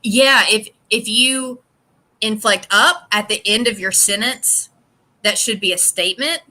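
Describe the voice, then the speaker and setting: A woman's voice: mid-range voice, a little slow, bright, forceful tone. A woman guest on a livestream, chatting casually and retelling things with enthusiasm.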